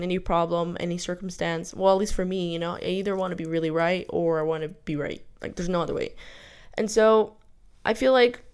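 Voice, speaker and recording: A young woman tells a personal story in a loose, rambling way, circling back on her thoughts with fillers and restarts. Her voice is smooth and clear, sitting at a middling pitch. The tone is casual and reflective, like a vlog monologue. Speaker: vlogger.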